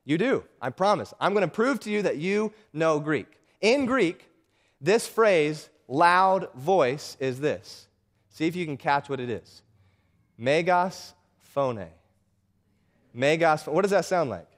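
A man's voice: on the high side, animated, unhurried. A middle-aged man preaching a sermon as pastor, folksy, telling stories and calling for an amen. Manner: folksy, calls for "amen" often.

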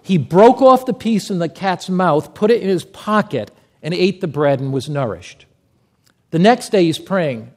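A man's voice: high voice, expressive, a little slow, a little mellow. A male preacher giving a sermon, telling a story and reading scripture with emphatic delivery.

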